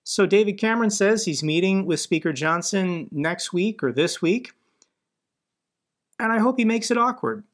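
A man's voice: a little high, a bit bright. An American man hosting a political commentary channel, blunt and indignant. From United States. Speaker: host.

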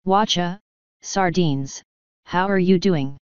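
A woman's voice: lowish voice, slow pace, clear, resonant tone, no room sound, dull audio. A woman reading an audiobook, voicing a sly, streetwise talking tomcat with a wry, chatty manner.

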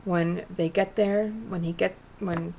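Earnest rambling woman with a gravelly voice. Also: lowish voice, fairly even intonation, takes it slowly, a little mellow, slight background noise. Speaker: vlogger. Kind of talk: casual heartfelt vlog rant.

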